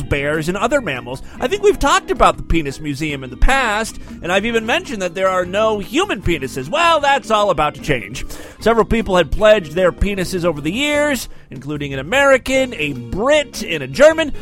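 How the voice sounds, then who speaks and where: A man's voice: high-pitched, a bit bright. A man hosting a show, reading odd news stories aloud with sarcastic jokes, stumbling over foreign names. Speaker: podcast host.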